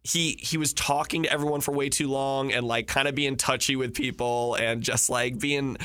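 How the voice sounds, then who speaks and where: Bright-voiced man telling a rambling story. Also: mid-range voice, steady tone, moderate pace, clear, resonant tone, no echo, clean studio sound. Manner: rambling, swears freely, laughs through stories. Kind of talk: casual storytelling chat.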